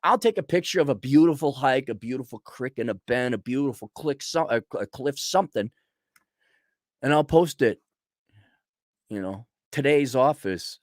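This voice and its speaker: A man's voice: mid-range voice, lively intonation, normal speed, no room sound, clean studio sound. A man hosting a casual ranting monologue, blunt and sarcastic. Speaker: host.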